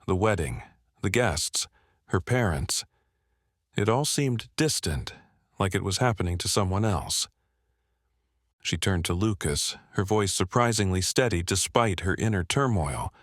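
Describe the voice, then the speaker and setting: A man narrating a scripted story in a measured, even way. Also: sits low, no room sound. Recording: dry close-miked voice-over.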